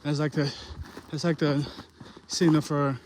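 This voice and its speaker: Young guy filming himself outdoors on a hunt, winded, loose slangy rambling, slightly high voice, faint noise. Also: flat delivery, measured pace, a little mellow. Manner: rambling, slangy, talks to camera while hiking. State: out of breath. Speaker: hunting vlogger. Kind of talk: casual outdoor vlog. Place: outdoors on a mountain hike.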